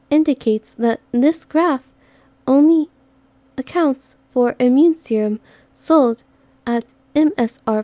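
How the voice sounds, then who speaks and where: A woman voicing a clinical, raised-pitch AI. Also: warm tone, no room sound. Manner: clinical, data-driven, formal. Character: precise, formal machine intelligence briefing an operative. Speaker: visual novel reader.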